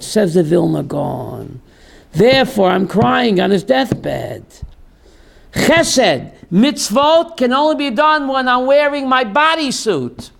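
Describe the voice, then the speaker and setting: A man's voice: very high-pitched, slow, vocal fry. A rabbi teaching a class, quizzing listeners with call-and-response questions and acting out the voices he quotes. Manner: animated, drops into quoted voices. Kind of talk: teaching a class on Jewish theology.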